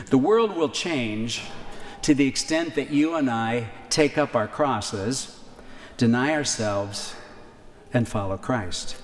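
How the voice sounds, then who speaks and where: A man preaching a sermon, conversational, with key lines repeated slowly for emphasis. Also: mid-range voice, a little hiss or hum. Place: church. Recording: reverberant church hall, faint ambience.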